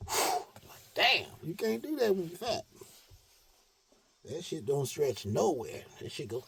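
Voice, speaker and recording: A man's voice: measured pace, creaky, pauses often. Man preaching with wild swings. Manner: preachy, animated, swings from shouts to low mutters; streetwise slang with cursing. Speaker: online speaker addressing followers. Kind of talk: preachy monologue.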